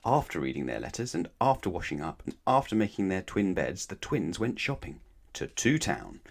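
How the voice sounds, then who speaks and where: A man reading a children's bedtime story aloud in a gentle, expressive storytelling manner. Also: low voice, moderate pace, gravelly. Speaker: storybook reader.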